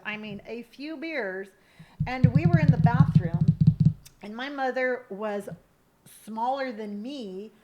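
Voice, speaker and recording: Profane, animated middle-aged woman storyteller. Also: on the high side. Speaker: streamer host. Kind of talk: casual live-stream storytelling.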